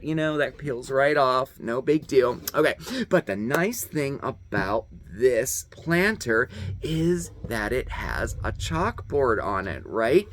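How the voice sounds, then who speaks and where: A man hosting a casual DIY craft video, chatty and upbeat, often checking in with "okay?". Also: mid-range voice. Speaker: host.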